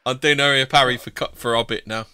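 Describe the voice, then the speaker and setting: A man's voice: mid-range voice, fairly even intonation, quick pace, bright, forceful tone, smooth, dry recording, studio quality. A man hosting a casual singalong on a group voice call, joking, swearing and half-singing along. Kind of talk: casual banter and pub singalong. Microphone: home computer mic on a voice call. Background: music playing.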